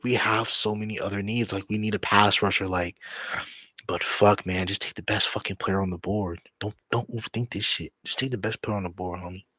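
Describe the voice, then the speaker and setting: Low-voiced man ranting about football, cursing a lot. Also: dry recording. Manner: profane, excitable, slangy, repeats himself; drops into a hushed whisper to save his voice. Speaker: fan streamer hosting a draft watch party. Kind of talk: excited live-stream sports chat.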